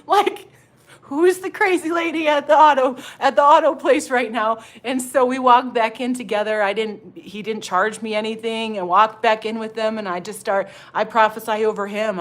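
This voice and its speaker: A middle-aged woman minister telling a lively faith testimony and prophesying over listeners, calling them honey. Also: on the high side, moderate pace. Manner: animated storytelling, exclamatory, addresses listeners as honey.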